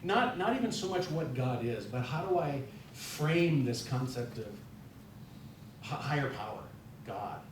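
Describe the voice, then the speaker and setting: Expressive and in no rush, the same kind of North Dakota guest speaker delivers an informal sermon, joking at his own expense and often stopping to restart amid filler words. It's captured from afar in a reverberant church hall with a low rumble underneath.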